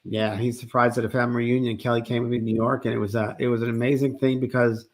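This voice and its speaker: A man's voice: medium pitch, flat delivery, quick pace. A man co-hosting a spiritual talk show, speaking earnestly and rambling with restarts, sounding a little sick. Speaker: co-host, medium.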